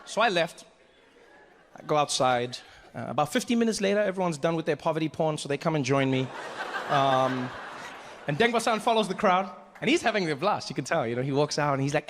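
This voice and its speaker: A man doing stand-up, telling a story in an animated, self-mocking way with quick act-outs. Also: a little high. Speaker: stand-up comedian. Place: live comedy venue. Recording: echoey live venue with faint ambience.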